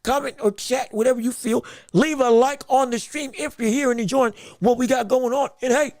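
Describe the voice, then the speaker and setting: This is livestream sports commentary from a man hosting a boxing podcast, his voice extremely high, a little mellow, and steady in tone at a normal speed. He talks emphatically, repeating himself when agitated. There's no echo.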